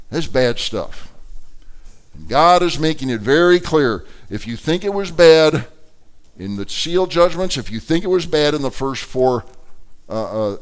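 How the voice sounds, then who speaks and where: Dramatic male preacher delivering a sermon. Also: mid-range voice. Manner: dramatic, swings from loud outbursts to quiet and acts out quoted voices.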